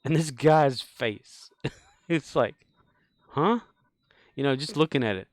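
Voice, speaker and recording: A man's voice: medium pitch, measured pace, dry recording. A man streaming a game, telling a long casual story in a rambling way with many fillers and chuckles. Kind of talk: casual storytelling while gaming.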